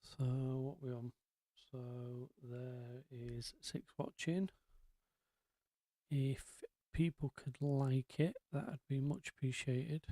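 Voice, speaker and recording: A man chats his way through a casual live stream, wandering off on tangents. His voice is mellow and low-key, recorded close and dry with no room sound. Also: fairly even intonation, slow, no echo. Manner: rambling, chatty, lots of ums and asides.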